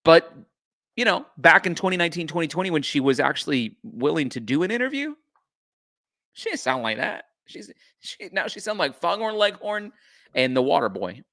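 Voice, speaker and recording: A man's voice: fairly high pitch, big pitch swings, normal speed, vocal fry, bright, forceful tone. Guy reacting to clips on a stream, mocking, voice swings all over. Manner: incredulous and mocking. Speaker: commentator. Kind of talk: reaction commentary for a live stream.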